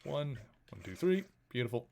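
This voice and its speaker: A man's voice: medium pitch, big pitch swings, moderate pace, vocal fry, dark tone. A male streamer giving casual commentary as he plays a video game, thinking aloud in a chatty, rambling way.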